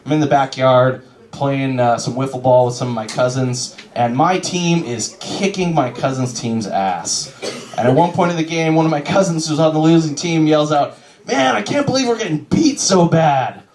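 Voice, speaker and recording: A man performing a stand-up comedy set in a small club, deadpan, acting out characters in quick bits. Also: medium pitch. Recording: roomy club sound. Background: audience laughter.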